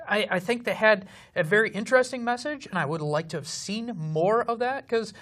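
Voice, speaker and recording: Measured film review co-host. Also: mid-range voice, a bit bright. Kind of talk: casual film review chat.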